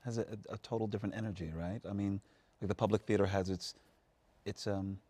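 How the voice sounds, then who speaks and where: A man with a very deep voice talks quickly on a studio talk show and keeps searching for his words. His tone is warm and dark. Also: fairly even intonation. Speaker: actor guest.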